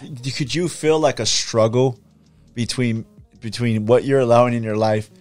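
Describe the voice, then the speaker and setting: A man's voice: mid-range voice, fairly even intonation, moderate pace, darkish tone, no echo, soft background music. A man hosting a podcast, asking his guest questions in a fumbling way full of fillers and restarts. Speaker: podcast host. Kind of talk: interview questions in casual chat.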